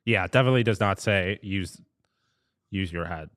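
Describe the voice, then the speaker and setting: A man's voice: deep voice, normal speed, fairly bright tone. A man co-hosting a hockey watchalong, laid-back and crude, using slang as he reads chat. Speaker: podcast co-host.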